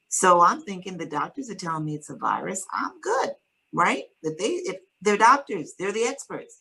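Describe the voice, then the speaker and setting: Low, gravelly-voiced woman telling her story. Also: rough recording. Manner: calm, reflective retelling. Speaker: interview guest. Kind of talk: personal storytelling in an interview.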